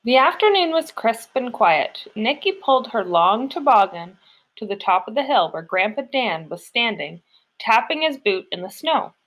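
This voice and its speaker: A woman reading a children's picture book aloud in an expressive, storytelling way. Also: a little high, normal speed. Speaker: storybook reader.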